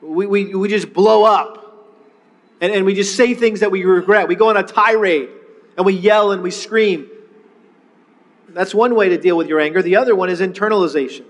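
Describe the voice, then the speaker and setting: Male pastor, high voice, earnest sermon, stumbles and repeats words, long hall reverb. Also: fairly quick. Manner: earnest, repeats words when starting phrases.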